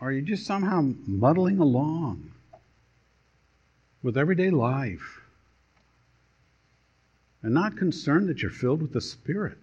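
A male pastor delivers a sermon in a storytelling way, with dramatic pauses. His pitch rises and falls a great deal as he preaches. The recording is dull and lo-fi. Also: sing-song, a little mellow, breathy edge.

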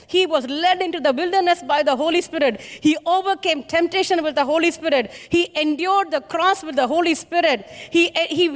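A woman from India, preaching a sermon with emphatic, repeated rhetorical questions to the congregation. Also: high-pitched. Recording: reverberant hall.

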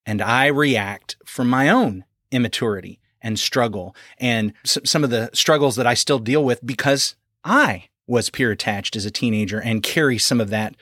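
A man's voice: medium pitch, moderate pace, few pauses, pushed and bright, dry recording, studio quality. A middle-aged man speaking thoughtfully about his own struggles as a parent in a casual discussion. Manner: thoughtful, self-examining.

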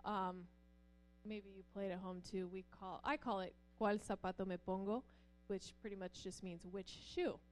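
A woman's voice: moderate pace, soft background music. A middle-aged pastor's wife telling personal stories to a church audience, acting out the voices in her stories. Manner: animated, acts out quoted voices with rising pitch.

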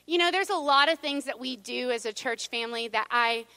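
A woman's voice: high voice, fairly quick, bright, forceful tone, no room sound. A middle-aged woman pastor, preaching a sermon in a chatty, storytelling way with playful asides to the congregation.

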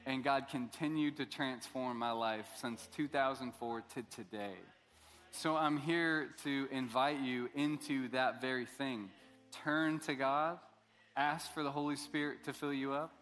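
A man's voice: medium pitch, steady tone, measured pace, fairly bright tone, faint music behind. A middle-aged man preaching a sermon as a pastor, telling his own story in a casual, joking way and acting out the voices of the people in it. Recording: long hall reverb.

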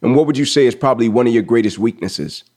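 A man's voice: mid-range voice, quick pace, darkish tone. A man hosting a podcast interview, enthusiastic and affirming, with frequent "right?" and "like" in his speech. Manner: enthusiastic, affirming, peppered with 'right?' and 'like'. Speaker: podcast host. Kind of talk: casual interview conversation.

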